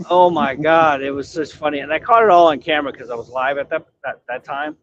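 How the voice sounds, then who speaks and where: A man's voice: a little high, fast talker, a bit bright, dull audio. A man driving a truck and chatting casually on a livestream, profane, laughing and telling stories. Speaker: truck driver.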